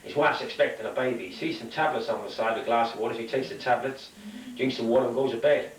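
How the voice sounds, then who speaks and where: A man reels off jokes in a plain, matter-of-fact way, at an ordinary middle pitch. He is recorded from some distance in an echoey room, with faint ambient noise behind him. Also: steady tone, quick pace. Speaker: stand-up comedian. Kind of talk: telling jokes.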